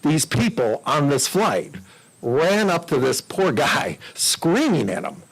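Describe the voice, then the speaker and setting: A man's voice: on the high side, slow pace, husky, rough recording. An older man giving a talk to a club, telling chatty anecdotes and acting out the voices of the people in them. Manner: chatty, animated, acts out quoted voices. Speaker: guest speaker at a club meeting.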